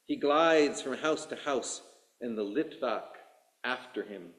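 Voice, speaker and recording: A rabbi reading a story aloud during a sermon, slowly and expressively, giving voices to the characters. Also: male voice, mid-range voice, animated, a bit bright. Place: synagogue sanctuary. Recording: echoey room.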